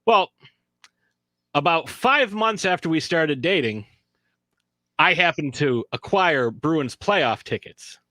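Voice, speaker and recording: A man's voice: slow pace, long pauses, no room sound. A man telling a long personal story on a podcast, acting out the quotes. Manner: animated storyteller, acts out quotes in high voices. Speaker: podcast guest. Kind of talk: casual storytelling.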